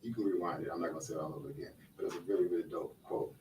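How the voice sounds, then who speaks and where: Speaking fast in a deep, steady, mellow voice, a male podcast host chats casually, full of slang and frequent "right?" check-ins. His mic sits at a distance in an echoey room with faint background noise.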